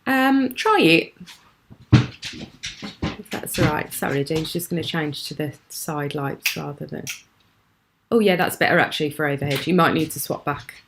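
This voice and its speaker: A woman's voice: low-pitched, moderate pace, pauses often, background noise. A British woman hosting a live craft show from home, chatting admiringly and laughing often. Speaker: craft channel host.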